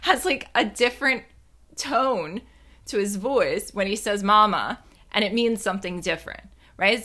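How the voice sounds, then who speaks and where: Young woman, casual host, bright and punchy tone, chatty and profane. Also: medium pitch, a little slow. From New Jersey. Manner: chatty, profane, rambling with many fillers. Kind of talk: casual storytelling monologue.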